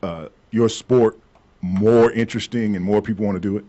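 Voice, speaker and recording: Man, deeper voice, talk show host, joking, rambling questions, slightly dull lo-fi sound. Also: fairly even intonation, normal speed, warm tone. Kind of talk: casual interview.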